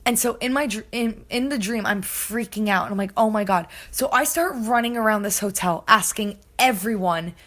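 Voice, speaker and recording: A woman's voice: mid-range voice, normal speed, hardly any pauses, fairly bright tone. A young woman telling a long story in a casual, chatty way, filling it with "like" and acting out the people she quotes. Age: young adult. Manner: chatty, heavy on filler "like", acts out quoted voices. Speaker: podcast host.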